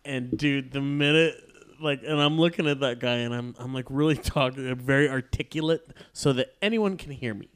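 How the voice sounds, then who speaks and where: A man's voice: medium pitch, moderate pace. A man telling a long, profane story to friends in a casual chat, laughing often as he goes. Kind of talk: casual anecdote among friends.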